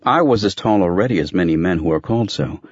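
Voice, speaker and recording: An audiobook narrator, a man with a low, slightly rough voice, reads a novel as scripted narration in a measured, even storytelling style. The recording is dry and slightly muffled, with no echo.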